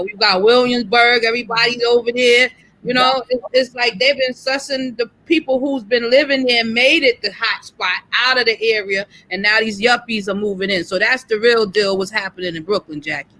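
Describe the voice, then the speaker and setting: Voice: medium pitch, steady tone, moderate pace, sharp tone, low-quality recording. A panelist in a casual discussion, talking conversationally and often checking in with "you get what I'm saying?". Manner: conversational, explains with rhetorical checks.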